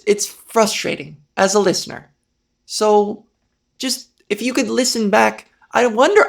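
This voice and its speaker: Exasperated ranting woman with gravelly fry. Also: mid-range voice. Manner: exasperated ranting, breathy put-on delivery. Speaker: comedian podcast host. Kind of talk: improvised comedic monologue.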